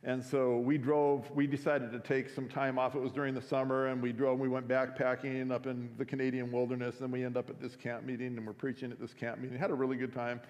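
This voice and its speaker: A man's voice: medium pitch, flat delivery, quick pace, hardly any pauses, a little mellow. Man preaching in a reverberant hall. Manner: conversational, frequent restarts. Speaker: pastor. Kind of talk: storytelling sermon. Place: school chapel or auditorium.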